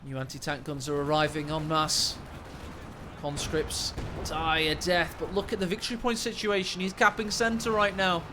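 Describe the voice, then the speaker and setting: A man casting a video game match, joking and rambling and breaking into sudden excited shouts. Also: on the high side, normal speed, noisy background. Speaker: game caster.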